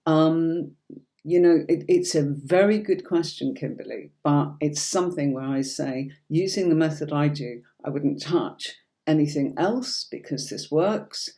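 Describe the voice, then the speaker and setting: A woman's voice: low voice, a little slow, dark tone. A woman from Yorkshire with a faint Yorkshire accent, teaching tarot on a livestream in a chatty, reassuring way and calling viewers darling. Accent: light Yorkshire English. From Yorkshire, England.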